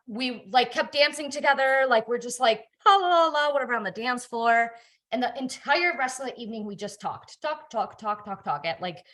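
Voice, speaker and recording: A young adult woman telling her life story in a relaxed interview, lively and full of fillers and repeats. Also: a little high. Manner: animated, many fillers and repeated words. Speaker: guest. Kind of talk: conversational storytelling.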